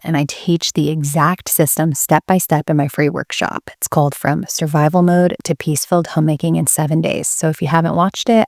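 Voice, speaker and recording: A woman's voice: low-pitched, vocal fry, no room sound, studio quality. A young woman who teaches Christian homemaking, talking to camera as a candid, earnest storyteller about faith and motherhood. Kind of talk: faith-based talk to camera.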